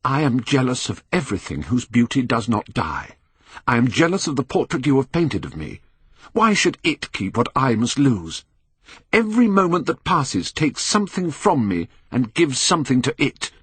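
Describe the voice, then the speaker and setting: An anguished, vain young Englishman, as a male reader puts him on, pleading and rising into despairing outbursts. The voice swings widely in pitch and has a husky edge. It sounds close and dry. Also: big pitch swings, moderate pace, no echo.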